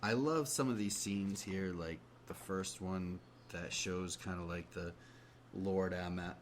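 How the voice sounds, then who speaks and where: A man co-hosting a podcast, talking through a comic in a relaxed, hesitant way with many fillers. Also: low-pitched, a little slow, a little hiss or hum. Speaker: podcast co-host. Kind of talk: casual chat about comics.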